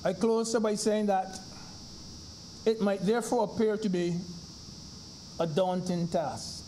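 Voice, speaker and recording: A Barbadian senator speaks formally in the chamber, his high voice soft and mellow. He talks slowly and deliberately, addressing the chair. Faint room noise hangs in the background. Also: low-quality recording. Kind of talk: parliamentary speech.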